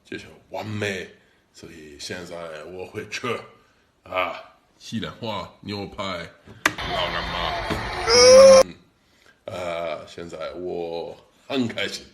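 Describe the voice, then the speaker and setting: A man chatting casually about food in a halting way with many pauses and fillers. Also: low voice, noisy background. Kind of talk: casual food vlog talk.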